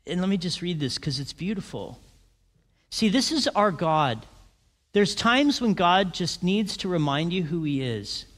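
Animated high-voiced pastor preaching. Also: male voice, long reverb tail. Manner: animated, asks the congregation questions. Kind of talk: sermon.

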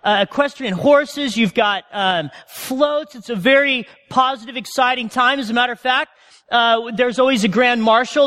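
A man preaches in a loose, chatty sermon style, checking in with his listeners through frequent questions. His voice sits very high for a man. The sound carries a long reverb tail, as in a large hall. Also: normal speed, sharp tone. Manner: conversational, asks the audience questions. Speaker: pastor.

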